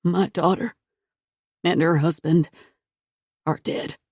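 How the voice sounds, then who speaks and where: A woman reading the part of a grief-stricken older grandfather who speaks in a shaky, tearful, halting voice. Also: high-pitched, lively intonation, creaky, husky, no echo, clean studio sound, heavily acted. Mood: shaken, tearful.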